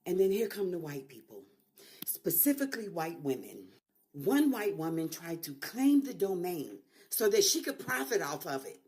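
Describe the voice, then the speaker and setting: A woman's voice: fairly low pitch, big pitch swings, normal speed, darkish tone. A woman in an angry, emotional video rant, swearing freely.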